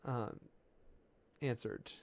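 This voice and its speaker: A preacher works through Greek words while loosely preparing a sermon, halting often, filling gaps, and correcting himself as the details amuse him. His voice has a slightly mellow quality.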